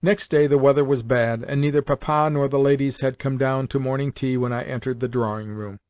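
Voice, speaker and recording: A man narrates a classic novel in audiobook style. His reading is measured and even, in a middle register. The recording is dry, with little room sound. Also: medium pitch, clear, resonant tone, no room sound.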